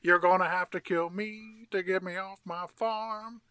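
A man voicing a defiant old farmer who makes slow, gruff declarations, as a comic bit on a podcast. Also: high-pitched, steady tone, sharp tone, no room sound, studio quality.

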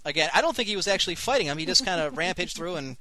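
A man's voice: high voice, expressive, rapid-fire, sharp tone. A man hosting an online radio show, giving live commentary on a strategy game with wry, sarcastic asides. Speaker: host and game caster.

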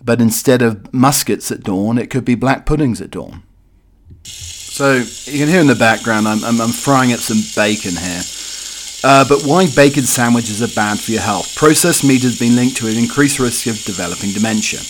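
A man's voice: medium pitch, moderate pace, a little hiss or hum. A man with a cold hosting a podcast, reading odd news stories and drifting into rambling asides full of fillers. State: has a cold. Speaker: podcast host.

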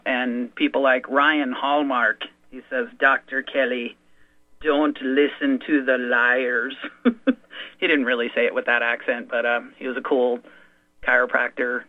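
A man's voice: medium pitch, dry recording. A man talking as a radio show guest, a chatty and enthusiastic storyteller. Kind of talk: conversational radio talk. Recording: dry, phone-like radio audio.

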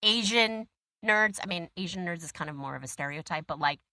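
A woman being interviewed, telling stories in an animated, gushing way with lots of "like". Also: on the low side, brisk, dry recording. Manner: animated, gushing storyteller, heavy use of "like". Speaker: interview guest. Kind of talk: casual conversation.

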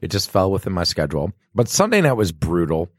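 Brief: low-voiced male podcast co-host, blunt and profane, dry studio sound. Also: wildly swooping pitch, fairly quick, no echo. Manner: blunt and profane, chewing snacks close to the mic. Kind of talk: casual chat. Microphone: studio microphone.

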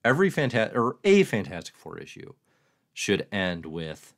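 Man, livestream host, low voice with lots of swing, casual joking commentary. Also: wildly swooping pitch, moderate pace. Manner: joking, self-mocking, reads viewer questions aloud.

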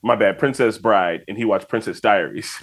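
A man chatting as a podcast guest, telling lively stories and acting out what his friends said. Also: on the low side, husky. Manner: fast animated storytelling with put-on quotes. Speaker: guest, YouTube reaction channel host. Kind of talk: casual podcast chat.

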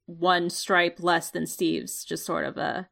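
A woman's voice: on the low side, level tone, slow, gravelly, fairly bright tone. A woman co-hosting a casual podcast, chatty and wry, with frequent "like" fillers. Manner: chatty, filler-heavy, sarcastic. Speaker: podcast co-host. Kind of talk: casual chat about a TV episode.

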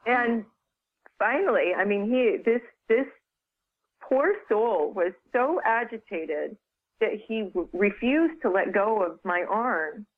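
A woman's voice: medium pitch, animated, slow pace. A woman, an author, retells a personal story in a loose, chatty interview voice. She restarts often and peppers it with "you know." Her voice comes through a thin, phone-like line. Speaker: author and guest.

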